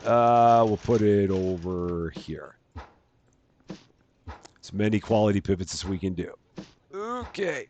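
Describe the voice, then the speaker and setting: Lively low-voiced man narrating gameplay. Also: takes it slowly, pauses often, dull audio, slight background noise. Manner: chatty, self-correcting, narrates each task aloud. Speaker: let's-play host. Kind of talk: casual gameplay commentary.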